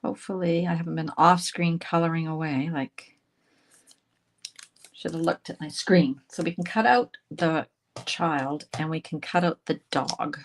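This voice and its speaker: A Canadian craft instructor with a slightly low voice hosts a relaxed livestream tutorial, chatting steadily and a little slowly as she works. She drifts into soft murmured asides, and the rough recording carries a faint hiss and small clicks.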